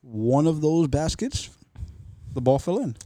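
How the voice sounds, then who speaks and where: Lively young man joking in banter. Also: a little high, a little slow, a little hiss or hum. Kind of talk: casual chat.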